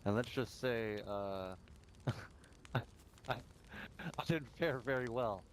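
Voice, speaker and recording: A man's voice: medium pitch, slow pace, slight background noise. A man in roleplay chat inside a survival game, telling a heated story with lots of swearing and acted-out quotes.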